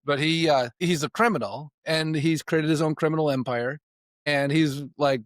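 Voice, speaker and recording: A man's voice: a little high, moderate pace, no room sound. Give me a reflective man on a podcast, rambling, in a dry room. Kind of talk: casual conversation.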